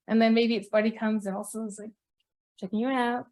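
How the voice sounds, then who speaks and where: A woman giving a conference talk, chatty and animated, laughing often. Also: on the high side, quick pace. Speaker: conference presenter.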